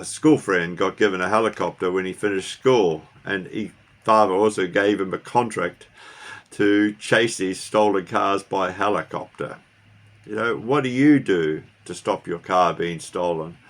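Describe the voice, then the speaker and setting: A man's voice: low voice, a little slow, fairly bright tone. A middle-aged man vlogging casually, rambling and often asking his viewers questions. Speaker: car vlogger. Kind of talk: casual talk to camera. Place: New Zealand.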